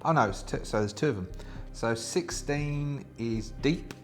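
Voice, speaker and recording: Solo game host, male, middle pitch, relaxed thinking-aloud delivery, faint music bed. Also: unhurried. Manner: chatty, thinks aloud with many fillers and restarts. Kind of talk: casual solo tabletop play, reading rules aloud.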